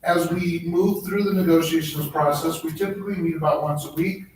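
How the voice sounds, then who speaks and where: A man presenting at a board meeting, halting with many ums and restarts, his voice a little worn. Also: on the high side, fairly even intonation. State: slightly losing his voice. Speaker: human resources director. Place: public board meeting room. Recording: echoey room, distant mic, faint noise.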